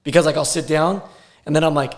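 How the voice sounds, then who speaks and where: A man's voice: fairly high pitch, steady tone, quick pace. A man telling stories as a podcast guest, blunt and profane in casual talk. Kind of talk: casual interview.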